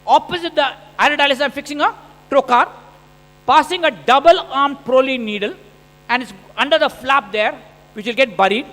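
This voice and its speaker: This lecture comes from an Indian man whose voice is strikingly high and bright, delivered at an ordinary pace. Over surgical footage at a conference, he tells the operation as his own, joking animatedly while a long reverb from the hall trails his words through the stage microphone.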